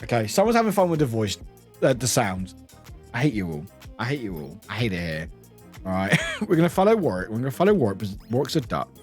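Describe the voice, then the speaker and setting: A man with a British accent, chatting casually as a streamer while playing a game, excitable, laughing often, swearing and breaking into high shouts. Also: fast, faint music behind.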